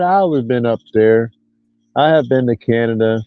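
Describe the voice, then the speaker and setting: Sixties man, livestream host, mid pitch, meandering folksy talk, lo-fi mic. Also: moderate pace, clear, resonant tone, faint music behind. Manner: rambling, drawn out, folksy. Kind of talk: casual livestream chat. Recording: dull lo-fi dry sound.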